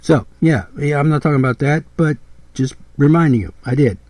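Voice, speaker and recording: A man's voice: a little high, fairly quick, darkish tone, no room sound. A man in his seventies giving a blunt, rambling podcast monologue, repeating himself and swearing freely. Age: 70s. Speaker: podcast host.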